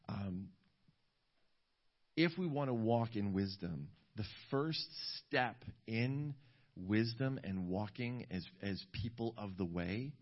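A man preaching a sermon as a pastor, talking conversationally with many restarts and growing animated when he tells a story. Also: fairly low pitch, muffled recording. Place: church service in a community center.

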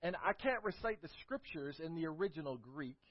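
A man's voice: a little high, lively intonation, a little fast, no echo, pitched above the performer's own voice. A man voicing an elderly white-haired preacher who asks simple, pointed questions in a plain, homespun way, on a dull lo-fi recording.

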